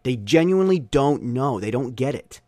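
A man's voice: medium pitch, animated, normal speed, darkish tone, no echo, studio quality. A young man giving an opinionated casual monologue, often stumbling and restarting his sentences.

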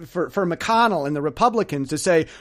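A man's voice: a little high, expressive, a little fast. A man hosting a solo podcast, telling a rambling story with sarcasm and lots of stammered restarts. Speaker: podcast host.

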